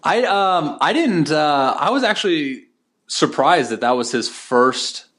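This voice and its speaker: A man's voice: fairly high pitch, very animated, a little slow, fairly bright tone. A young man in his twenties co-hosting a podcast, chatting casually in slang with lots of fillers and restarts. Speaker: podcast co-host. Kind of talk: casual chat.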